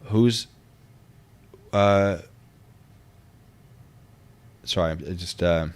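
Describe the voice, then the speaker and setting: A man with a fairly low voice talks casually to his livestream audience. He rambles, catches himself mid-sentence and drifts off to read comments aloud, then picks the thread back up. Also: extremely slow, clean tone. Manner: rambling, easily distracted, reads chat aloud.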